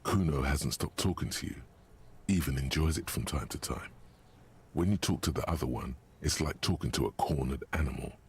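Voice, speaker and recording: A man voicing a grim, knowing narrator in a video game, speaking in measured, ominous commentary with a gravelly, raspy voice. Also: rumbling low, darkish tone, heavily acted.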